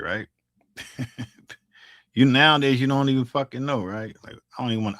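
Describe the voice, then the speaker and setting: A man's voice: on the low side, bright, forceful tone, no echo, studio quality. A man in his sixties with a Philadelphia accent, chatting loosely and profanely with his livestream viewers, full of restarts and jokes. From North Philadelphia, USA. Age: 60s. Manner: loose, profane, joking street talk with frequent restarts. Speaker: livestream beatmaker host. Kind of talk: casual livestream chat with viewers.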